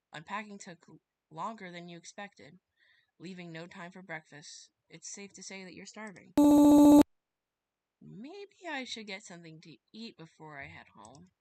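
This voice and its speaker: A woman streamer reading a visual novel aloud and chatting, with sudden squealing excitement. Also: on the low side, dry recording. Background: background music.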